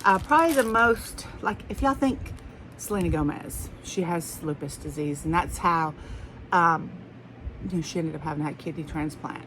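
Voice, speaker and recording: A woman's voice: low-pitched, normal speed, fairly bright tone, a little hiss or hum, poor audio. A middle-aged woman with a Southern US accent, chatting casually and rambling through a haul video for her viewers. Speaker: haul vlogger.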